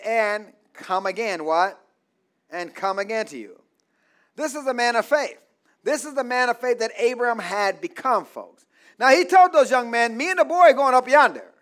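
In a church, a pastor leads a call-and-response sermon, leaving gaps for the congregation to fill in and repeating his central phrases. He speaks in a high, fairly bright voice.

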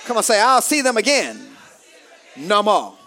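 A man preaching a call-and-response sermon, shouting rising phrases and calling out to the congregation for amens. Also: high voice, wildly swooping pitch, a little slow, some chatter behind, a little hiss or hum.

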